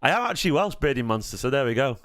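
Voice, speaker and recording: A man with a Mancunian accent chats casually on a live stream, rambling and jokey with the odd swear. His voice is smooth and clear, and the recording is dry and close. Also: mid-range voice, very animated, racing, fairly bright tone, dry recording. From Manchester, England. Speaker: fan channel host.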